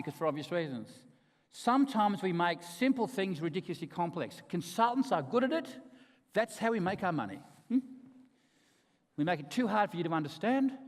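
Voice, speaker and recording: Animated, high-voiced man giving a keynote. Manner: emphatic, humorous storytelling with sudden drops to quiet asides. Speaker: keynote speaker. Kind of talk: conference keynote address. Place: large conference hall. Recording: reverberant hall.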